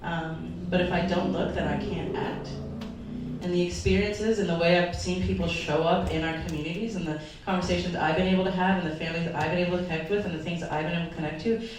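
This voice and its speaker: A woman's voice: fairly low pitch, slight background noise. A woman pastor giving an earnest, emotional sermon, her voice sometimes wavering as if near tears. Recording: echoey hall from far off.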